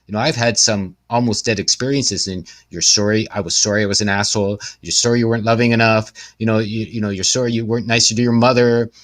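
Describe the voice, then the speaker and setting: A man's voice: lowish voice, steady tone, quick pace, hardly any pauses. A man interviewing a guest, talking in a rambling, emphatic way with many asides. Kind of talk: casual conversational talk.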